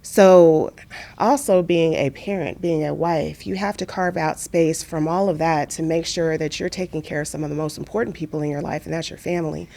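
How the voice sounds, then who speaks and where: A woman's voice: sits low, moderate pace, gravelly. A woman from Kansas, an entrepreneur and author, speaking earnestly as an interview guest about her work and faith. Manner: earnest, testimonial, animated when retelling stories. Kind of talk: reflective conversational interview.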